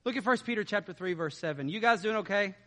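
A man preaching a sermon in a conversational way, dropping to quiet asides and rising to loud emphatic stretches. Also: high voice, fast, big-room sound. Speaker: pastor.

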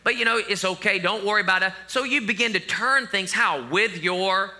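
A man's voice: sits high, moderate pace, pushed and bright. A middle-aged male pastor preaching a sermon in a conversational way, with joking asides to the congregation.

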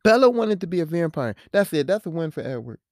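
Profane, animated podcast ranter. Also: medium pitch, fast talker, dry recording, studio quality. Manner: profane, animated ranting with rhetorical questions. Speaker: podcast host. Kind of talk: casual movie rant.

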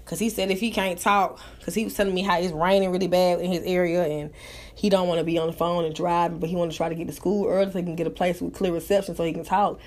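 A woman hosting her own live talk show, chatting casually in an animated, profane, gossipy way. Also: lowish voice, fast. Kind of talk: casual chat.

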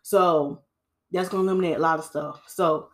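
A woman hairstylist hosting a podcast, giving casual hair-care advice in a preachy, animated way and calling listeners sis. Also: low-pitched, moderate pace.

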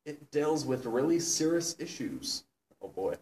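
A man's voice: fairly high pitch, very animated, measured pace, darkish tone. A young man reading a fan story aloud in a mock-serious way and breaking off to comment between lines. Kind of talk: comedic dramatic reading. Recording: roomy, distant mic with faint noise.

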